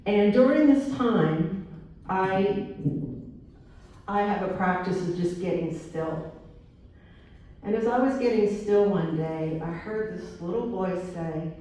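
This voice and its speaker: A woman in her sixties giving a talk to students, telling a story with lively acted-out dialogue. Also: mid-range voice, slow pace, pauses often. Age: 60s. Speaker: motivational speaker. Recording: very echoey hall, speaker far from mic.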